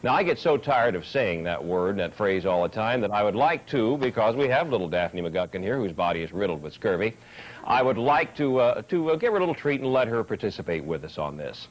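A man's voice: fairly low pitch, sing-song, fairly quick, low-quality recording. A man hosting a parody talk show in a hammy, folksy way, stumbling over his words.

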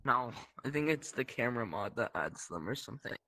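A man's voice: medium pitch, expressive, fairly quick, noisy background. A young man chatting casually while gaming with a friend, laid-back and dry.

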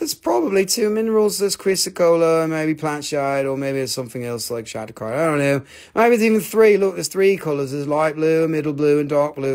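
A man's voice: a little high, animated, brisk, darkish tone. A man selling minerals on a live stream, rambling, joking, swearing and switching voices as he talks. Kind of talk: casual live sales stream.

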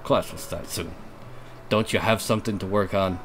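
A man co-hosting a let's play, chatting casually and teasing his co-host in a low-key, joking way. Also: fairly even intonation, normal speed, over music.

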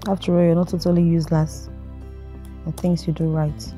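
A woman's voice: lowish voice, level tone, normal speed, warm tone, faint music behind, natural voice. An actress playing a demanding young girlfriend with a Nigerian accent who nags and bosses her jobless man. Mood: irritated. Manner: nagging, bossy.

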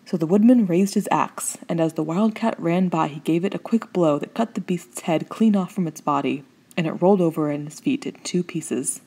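A woman narrating a children's storybook as an audiobook reader, in a calm and measured way. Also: on the low side, husky.

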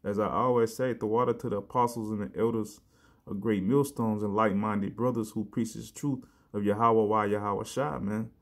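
A man giving a casual sermon, talking in a loose conversational way, often saying "man" and "you know", and reading verses slowly with emphasis. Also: on the low side, steady tone. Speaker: preacher.

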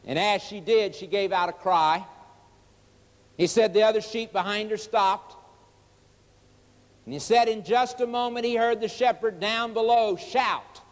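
Male evangelist, higher-pitched, emphatic and pleading sermon delivery, recorded in a reverberant church hall. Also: unhurried, long pauses. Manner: earnest storytelling, pleading and emphatic. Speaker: evangelist preacher. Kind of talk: evangelistic sermon with story and prayer. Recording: long reverb of a large hall.

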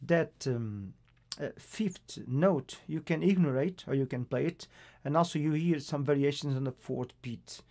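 A man's voice: a little high, a little slow, few pauses, warm tone. A man from Portugal with a Portuguese accent, teaching a guitar lesson and counting beats patiently. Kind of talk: guitar tutorial. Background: acoustic guitar playing.

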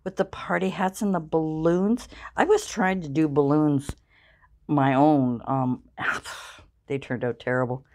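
A woman in her sixties with a low-pitched voice talks unhurriedly to her viewers, unpacking gifts and remarking on each one. Her delivery is chatty and effusive, with long pauses while she thinks. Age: 60s. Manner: slow, chatty and warmly effusive, musing aloud while opening gifts. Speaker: craft channel vlogger. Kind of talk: casual unboxing chat.

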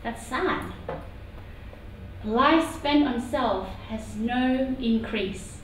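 A woman preacher giving a sermon in a church meeting room, talking in an animated, conversational way with asides. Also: fairly high pitch, extremely slow, a little hiss or hum. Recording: echoey hall from far off.

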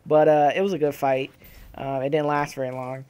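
A young man giving casual, profane reaction commentary on fights, animated and trash-talking. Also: fairly high pitch, moderate pace, smooth. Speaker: gaming channel host.

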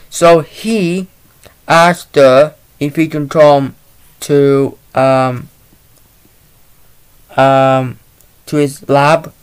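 A man giving a casual movie review, retelling the plot in a halting, rambling way into a laptop mic. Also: a little high, clear, resonant tone.

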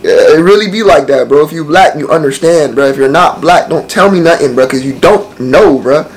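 A man's voice: a little high, brisk, poor audio. A young man chatting casually on a video chat app, roasting the strangers he meets with brash, profane slang and a lot of laughter.

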